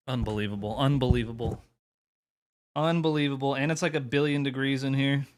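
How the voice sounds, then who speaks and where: A man's voice: medium pitch, steady tone, moderate pace, pauses often, darkish tone. A young man streaming live, chatting casually with his viewers in a laid-back way with some mild swearing.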